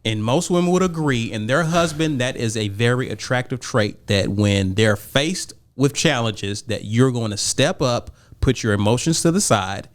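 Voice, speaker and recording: A man's voice: medium pitch, moderate pace, few pauses. A middle-aged married man co-hosting a podcast, arguing emphatically and acting out quoted conversations in a casual debate. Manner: emphatic, acts out quoted dialogue. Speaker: podcast co-host.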